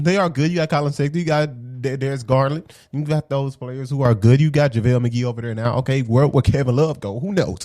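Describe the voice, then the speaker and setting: A man giving a casual, animated basketball opinion rant for his video channel. He repeats his points, drops slang and keeps asking "okay?". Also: mid-range voice, dry recording, studio quality. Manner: slangy and conversational. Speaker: sports commentary vlogger.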